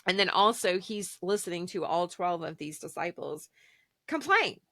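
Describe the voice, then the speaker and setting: A woman's voice: fairly low pitch, normal speed, no room sound, clean studio sound. A woman hosting a casual spiritual conversation, rambling with hesitations and livening up when she quotes people. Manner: rambling and hesitant, many fillers, gets lively when quoting. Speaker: podcast host.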